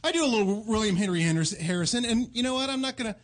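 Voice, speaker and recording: A man's voice: high voice, lively intonation, rapid-fire. A man playing a boastful, self-assured celebrity voice coach in a comedy podcast bit. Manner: showy, self-assured, full of bluster. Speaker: comedy podcast guest character.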